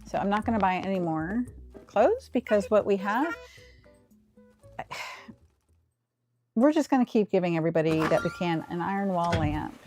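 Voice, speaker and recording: A woman streaming a cozy game, chatting softly and unhurriedly to her viewers as she plays. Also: on the low side, low-quality recording. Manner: soft, unhurried, talking to viewers. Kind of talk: casual gameplay commentary. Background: faint game music.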